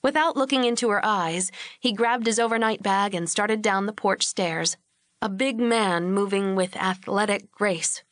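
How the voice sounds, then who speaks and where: A woman's voice: mid-range voice, measured pace, no room sound, studio quality. Woman narrating an audiobook. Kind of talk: scripted narration.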